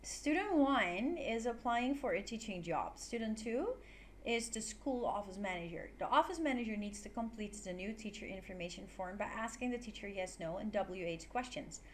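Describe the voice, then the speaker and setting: A woman's voice: mid-range voice, animated, normal speed, slight background noise. A young woman teaching an online English lesson, playfully demonstrating intonation with exaggerated examples.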